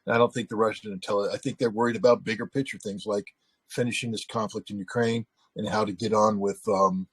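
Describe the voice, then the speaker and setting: Man, low and a bit husky, interview guest arguing a point over a remote call. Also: steady tone, fast talker, a bit bright, poor audio. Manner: conversational, argumentative, many fillers. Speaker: guest commentator. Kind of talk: live interview answer.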